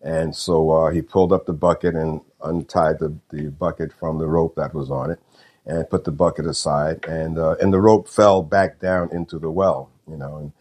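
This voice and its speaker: A very deep-voiced male pastor delivers a solo sermon and prayer, speaking as if to unseen listeners. His manner is folksy and unhurried, repeating phrases and leaning on small fillers as he tells a homely story. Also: steady tone, a little mellow.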